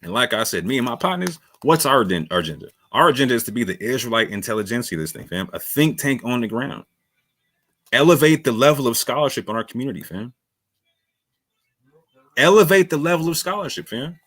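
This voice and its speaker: A man's voice: mid-range voice, sing-song, fairly quick, fairly bright tone. A man giving a heated, slangy video response, repeating himself for emphasis. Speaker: online commentator. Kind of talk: casual video rant.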